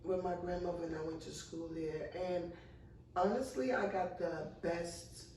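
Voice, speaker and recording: Woman, New York accent with Trinidadian undertone, animated storyteller, distant mic, faint hiss. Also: lowish voice, a little slow. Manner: chatty, animated storyteller with many fillers. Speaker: comedian guest. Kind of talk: casual podcast interview. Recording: echoey room, distant mic.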